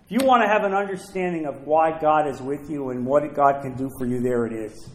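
A man preaching from the pulpit in a high, ringing voice. He presses his points, repeats key phrases for weight and slows down when he reads scripture. The sound carries a noticeable room echo. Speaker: pastor. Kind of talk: sermon.

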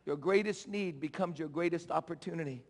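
A male pastor preaching a sermon with impassioned swings from shouting to low, urging the congregation to respond. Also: brisk. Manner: call-and-response exhortations. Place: church sanctuary. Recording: long church reverb.

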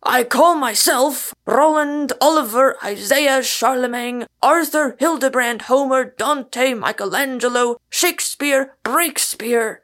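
Storybook, woman voicing a booming cheerful madcap man, high-pitched, loud, gravelly. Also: animated, moderate pace, few pauses, heavily acted. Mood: roaring. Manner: booming, exuberant. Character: wild cheerful man shouting from a tree.

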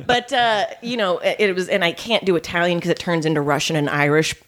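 A young woman comedian telling a story on a podcast, acting out the people in it with big jumps in voice. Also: fast talker. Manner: animated, acts out quoted voices with big pitch jumps. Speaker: comedian guest.

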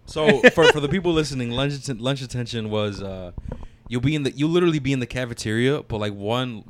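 A man's voice: medium pitch, expressive, fast. A young man in a casual chat with friends, slangy and laid-back, swearing freely. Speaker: podcast co-host.

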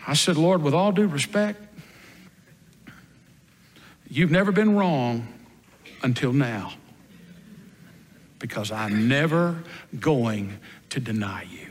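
The apostle Peter, played by a man, an impulsive and earnest apostle telling his story in first person. The voice sits a little high and leaps around in pitch, sometimes loud and sometimes nearly hushed. A long reverb trails each phrase, as in a big hall. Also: animated, slow pace, long pauses. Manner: dramatic storytelling, swings between loud and hushed. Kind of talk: first-person dramatic monologue.

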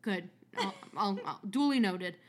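A woman's voice: medium pitch, lively intonation, a little slow. A woman hosting a podcast, reading a story aloud with casual asides, chatty and swearing freely.

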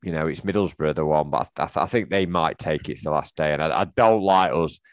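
A man's voice: rumbling low, fast, dry recording. A man chatting casually about football as a podcast co-host, laughing often and restarting sentences. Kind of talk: casual chat.

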